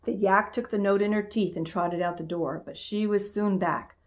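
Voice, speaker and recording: A woman in a middle pitch reading a children's story aloud in a calm, expressive voice. She slows down on the dramatic moments and lets her voice drop at the end of phrases.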